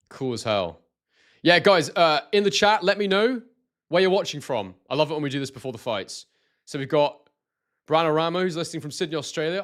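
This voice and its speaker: Chatty British man with a London-like accent. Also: medium pitch. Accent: southern English, London-like. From Scotland. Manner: chatty, reads out chat messages, excitable. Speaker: live stream host, boxing analyst. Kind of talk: casual live-stream commentary.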